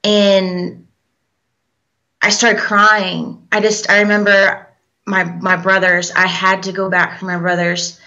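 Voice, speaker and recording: A young woman, a guest in an interview, telling a personal story in a halting, hesitant way with many fillers. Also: medium pitch, level tone, sharp tone. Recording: dull lo-fi recording.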